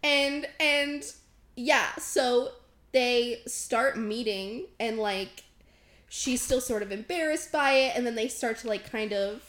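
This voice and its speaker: A woman's voice: fairly high pitch, slow pace, a bit bright. A young woman co-hosting a podcast, chatting casually with lots of "like"s, restarts and laughter. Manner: rambling, many "like"s and restarts, laughs often. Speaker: podcast co-host. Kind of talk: casual chat.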